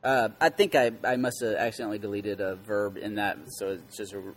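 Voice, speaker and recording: A man's voice: fairly low pitch, fairly even intonation, fairly quick. A man preaching as a pastor, teaching scripture emphatically, repeating key words and quizzing his listeners. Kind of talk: interactive Bible teaching.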